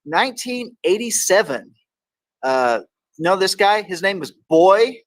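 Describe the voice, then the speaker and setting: A man's voice: high voice, very animated, unhurried, no room sound, poor audio. A man from Texas hosting a casual talk show, reading daily quotes aloud with playful emphasis. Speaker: host.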